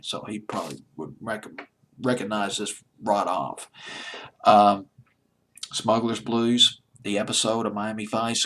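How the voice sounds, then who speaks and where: A man's voice: lowish voice, fairly bright tone, slight background noise. A man hosting his own music countdown in a casual, rambling, nostalgic way, often stumbling and correcting himself. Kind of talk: casual solo commentary.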